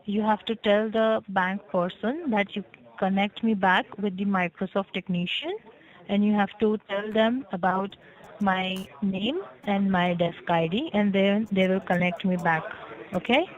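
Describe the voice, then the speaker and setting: A woman working as a scam caller posing as tech support, talking slowly and insistently on a scripted phone call and spelling out numbers one by one. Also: mid-range voice, fairly even intonation. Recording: muffled lo-fi phone line.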